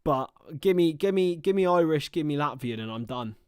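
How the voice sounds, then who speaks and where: A man's voice: a little high, animated, moderate pace, a little mellow, clean tone, dry recording, clean studio sound. A man commentating live on a football match for a livestream, mixing play-by-play with chatty, self-mocking asides.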